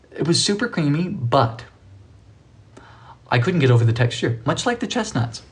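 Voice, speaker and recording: A man's voice: very animated, unhurried. Playful British man chatting while baking. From Britain. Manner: playful, theatrical, jumps between high and low voices. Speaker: baking livestream host. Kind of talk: casual live-stream chat reading comments. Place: home kitchen.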